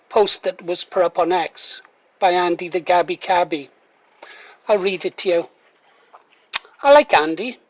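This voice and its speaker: A man's voice: high voice, no room sound, rough recording. Guy ranting to camera, kinda sarcastic, dry dead room. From Wales. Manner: wry, mock-reluctant and emphatic. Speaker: political video commentator. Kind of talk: casual to-camera commentary.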